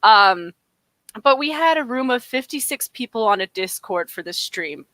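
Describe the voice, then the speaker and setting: A woman's voice: a little high, lively intonation, normal speed, pushed and bright, no echo. A woman from northern Alberta with a Canadian accent, co-hosting a casual podcast chat, rambling and often laughing mid-sentence.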